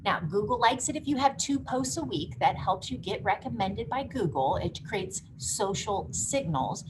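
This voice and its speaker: A woman's voice: medium pitch, normal speed. Lady running a marketing webinar, punchy and emphatic, hissy noisy audio. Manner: energetic, coaching, emphatic. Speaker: workshop host. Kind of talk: live online marketing workshop. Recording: noisy background hiss.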